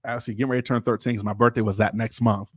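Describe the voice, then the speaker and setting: A man and pastor telling a personal story casually, animated and informal, acting out the people he quotes. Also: lowish voice, very fast, no room sound, studio quality.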